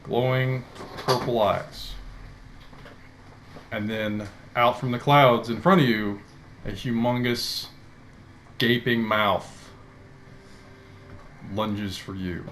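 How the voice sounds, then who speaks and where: A man narrating a tabletop game as dungeon master, in a slow, dramatic storytelling manner, speaking into a headset. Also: mid-range voice, fairly even intonation, fairly bright tone, slight background noise.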